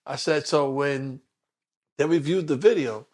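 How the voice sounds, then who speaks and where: A man, a former detective from New York, telling stories in a casual interview, animated and acting out what people said. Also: on the high side, unhurried. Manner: animated storyteller acting out quotes with laughs. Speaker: guest, former police detective.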